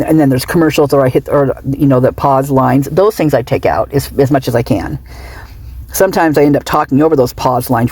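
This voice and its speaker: A woman's voice: rumbling low, a little mellow, breathy edge. A woman true crime vlogger talking off the cuff in a chatty, rambling way with giggly asides. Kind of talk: unscripted casual vlog chat.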